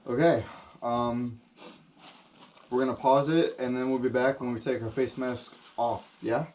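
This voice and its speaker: A man's voice: mid-range voice, steady tone, unhurried, a little mellow. A young man hosting a casual vlog, talking straight to the camera in an upbeat way and signing off to viewers. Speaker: vlog host.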